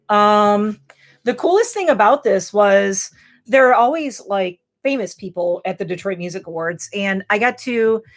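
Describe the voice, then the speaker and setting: A woman in her forties chatting casually to camera, telling rambling stories with animated, exclamatory bursts. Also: medium pitch. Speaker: vlogger.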